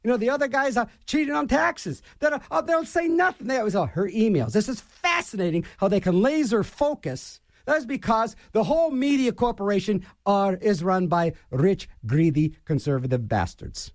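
A man's voice: sits high, expressive, normal speed, hardly any pauses, no room sound, clean studio sound. A middle-aged man hosting a radio show and delivering an opinionated political rant, scornful and repeating his phrases for emphasis.

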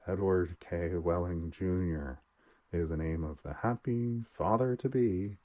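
A man's voice: deep voice, takes it slowly, warm tone, lo-fi sound. A man reading aloud and voicing a weary young father who speaks with hollow, strained sarcasm. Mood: sardonic.

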